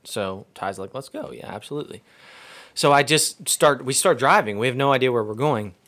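A man co-hosting a casual podcast, telling a rambling story with quick asides. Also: medium pitch, lively intonation, a bit bright. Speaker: podcast co-host. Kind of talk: casual chat.

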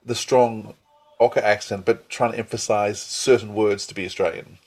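A man's voice: on the low side, fairly even intonation, normal speed, darkish tone. Man explaining at length as host. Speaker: podcast host. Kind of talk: conversational interview.

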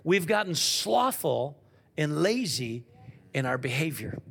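A man preaching a sermon, asking the congregation questions and swinging from loud to quiet. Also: on the high side, unhurried, vocal fry, breathy edge. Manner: animated preaching with call-and-response questions. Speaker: pastor.

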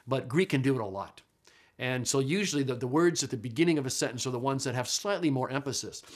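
A man giving a conversational lecture on Bible translation. He thinks aloud with restarts and fillers, and slows down to stress the verses he quotes. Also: medium pitch. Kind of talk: classroom lecture.

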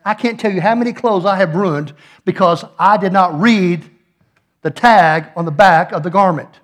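A man's voice: high voice, normal speed, fairly bright tone. A middle-aged man, preaching a sermon as pastor in a folksy, joking way with playful asides.

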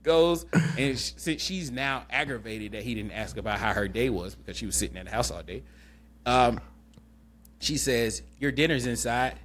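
A man hosting a podcast, recapping a movie in animated, laughing, profane storytelling. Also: medium pitch, moderate pace. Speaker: podcast host. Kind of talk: casual chat, movie recap.

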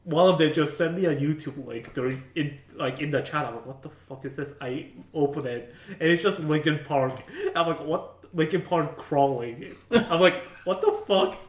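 A man's voice: on the high side, normal speed, far from the mic. A man who works IT help desk tells work stories casually, swearing and laughing. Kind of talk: casual chat. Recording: echoey room, off-mic.

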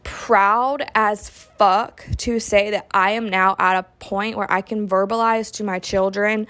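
A woman's voice: medium pitch, fairly even intonation, unhurried, few pauses, fairly bright tone. A woman hosting a podcast, talking frankly and casually, often saying "like" and acting out what a parent might say. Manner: frank, peppered with "like", acts out quoted parent talk. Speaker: podcast host. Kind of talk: candid casual podcast monologue.

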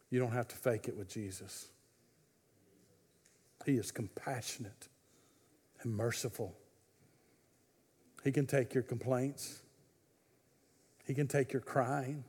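A man preaching a sermon, swinging between loud, fervent exhortation and hushed, intimate pleading. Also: medium pitch, slightly rough, big-room sound. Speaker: pastor.

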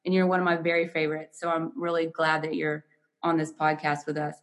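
A woman hosting a podcast, chatting casually in a warm, affectionate and expressive way. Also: sits low, brisk. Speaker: podcast host.

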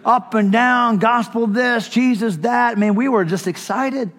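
A middle-aged male pastor tells stories from the pulpit in an impassioned, conversational way, with a light humorous edge. His voice sits high for a man. It carries on a stage microphone with a long reverb off a large hall. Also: a little slow, a bit bright. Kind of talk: sermon storytelling. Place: conference hall.

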